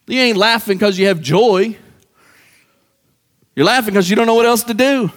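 High-voiced man preaching a sermon. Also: normal speed, in a large hall. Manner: preachy, acts out quoted voices of congregants. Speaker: pastor.

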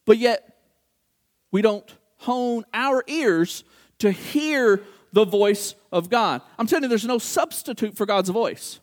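A middle-aged man preaching a sermon, animated and acting out little dialogues, repeating words for emphasis. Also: high-pitched, slow.

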